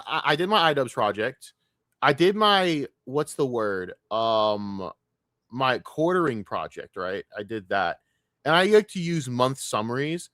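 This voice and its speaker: A man ranting on a live stream in a profane, combative, mocking way. His voice is bright and forceful, and it sounds close and dry with no room echo. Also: mid-range voice. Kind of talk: casual live-stream rant.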